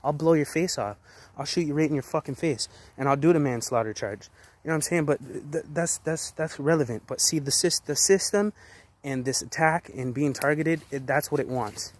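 A man in his twenties delivers an angry, profane rant to his viewers, talking in hard, rapid-fire declarations. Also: on the high side. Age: 20s. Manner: aggressive, heavy swearing, rapid-fire declarations. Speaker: vlogger. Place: outdoors in a forest.

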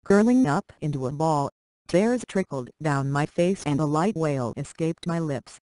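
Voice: medium pitch, animated, unhurried, a little mellow, dry recording, poor audio. Dry synthetic story narrator. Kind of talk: reading a short story aloud.

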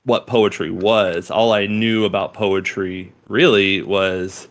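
A young man with a low-pitched voice talks loosely about poetry, circling back on himself, restarting sentences and dropping casual swears. He laughs as he goes and keeps a relaxed, unpolished conversational flow. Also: takes it slowly. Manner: rambling, profane, laughs often, many restarts. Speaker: podcast co-host.

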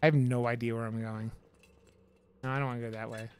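A man's voice: mid-range voice, little pitch movement, fast, clean tone. A man streaming a horror game, joking with his chat and swearing as he plays. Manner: profane, joking, talks back to chat. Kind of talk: casual let's-play commentary.

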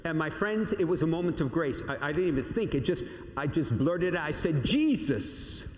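A priest preaching to young confirmation candidates, his slightly high voice slowing down on key words. He tells a personal story with dramatic pauses. The sound rings through a large, echoing church. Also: a little hiss or hum. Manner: storytelling, addresses listeners as "my young friends"; dramatic pauses and slowed emphasis. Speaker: Catholic priest. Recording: echoey church with long reverb.

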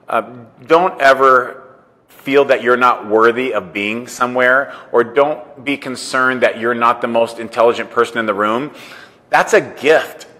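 Man telling a story, bright voice, reverberant. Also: medium pitch. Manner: conversational, repeats "I said", acts out quoted dialogue. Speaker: entrepreneur and coach. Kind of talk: casual storytelling monologue.

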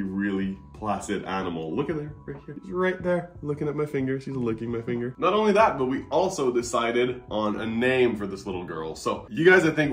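Upbeat male vlog host, casual and talkative, low voice, roomy echo, soft guitar behind. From Canada. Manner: upbeat, chatty, says "right?" often. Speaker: reptile channel host. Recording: echoey room with guitar music.

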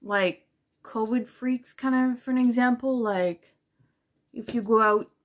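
Woman vlogger, higher-pitched voice, casual rambling talk, lots of swearing and fillers, indignant. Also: a little slow. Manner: rambling and profane, full of "like" fillers; animated and indignant while retelling. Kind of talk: casual storytelling to camera.

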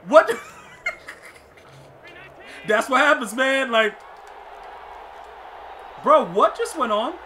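A man's voice: very high voice, animated, extremely slow, pauses often, pushed and bright, slight background noise. A young man streaming a football video game, rambling in casual commentary, laughing a lot and repeating catchphrases. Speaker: gaming streamer. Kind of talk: casual live gameplay commentary.

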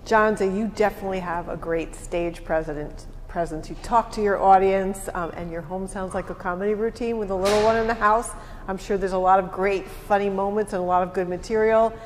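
Measured female judge, echoey hall. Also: medium pitch, fairly even intonation. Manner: encouraging, measured. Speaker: talent show judge. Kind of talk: giving feedback. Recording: echoey hall with faint background noise.

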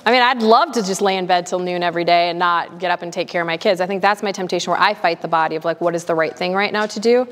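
A woman's voice: lowish voice, fairly bright tone. A woman in her thirties giving a candid talk and answering audience questions. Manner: earnest, candid, quick bursts. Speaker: guest speaker. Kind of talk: casual Q&A talk. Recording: long hall reverb.

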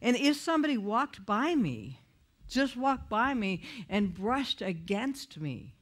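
A woman's voice: fairly high pitch, very animated, takes it slowly. A woman giving an earnest, candid recovery talk in a conversational way, often restarting her sentences. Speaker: recovery speaker.

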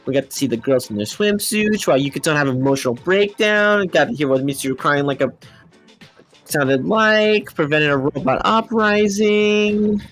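A woman's voice: low voice, lively intonation, moderate pace, faint music behind. A woman in a live fan dub voicing a cocky, goofy teenage boy, laid-back and jokey. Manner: laid-back and jokey, swears when rattled.

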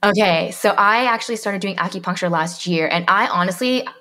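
A woman's voice: mid-range voice, a little fast, sharp tone. A woman guest on a podcast interview, telling a personal story in a chatty way and acting out the voices of people in it. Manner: chatty storytelling, reenacts dialogue, frequent "um" and "like". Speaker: guest, mindset coach.

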